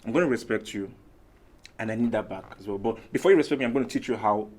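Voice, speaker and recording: A man's voice: lowish voice, fast. A man, a guest on a casual talk show, speaking animatedly and acting out the lines he quotes. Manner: animated, acts out quoted lines, repeats himself. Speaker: guest panelist. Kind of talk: casual panel chat.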